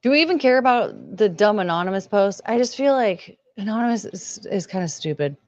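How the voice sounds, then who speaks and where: A woman's voice: medium pitch, big pitch swings, brisk, no echo, dull audio. A woman hosting a casual livestream, talking in a rambling, emotional way and swearing freely. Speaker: livestream host.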